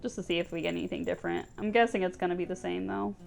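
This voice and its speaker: A woman's voice: fairly low pitch, steady tone, rapid-fire, creaky, soft background music. A woman hosting a gaming channel, giving emotional, chatty commentary on a game playthrough. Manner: emotional, chatty, laughs and sighs.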